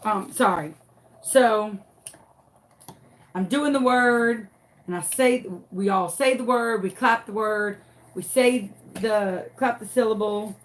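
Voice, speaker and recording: Slow-talking woman telling an animated story. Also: mid-range voice. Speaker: crafting vlogger and teacher. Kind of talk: casual storytelling while crafting. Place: home.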